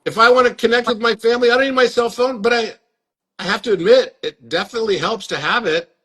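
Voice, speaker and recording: A man's voice: extremely high pitch, quick pace, bright, forceful tone, husky. A man hosting a live stream chat, earnest and inviting, often repeating words as he talks. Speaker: host. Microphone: phone or webcam on a live stream.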